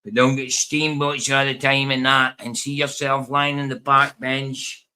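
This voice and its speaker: A man's voice: medium pitch, flat delivery, unhurried, pushed and bright, clean tone. A man voicing a slurring drunk Glaswegian man on a park bench, in a Glaswegian accent. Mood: boozy.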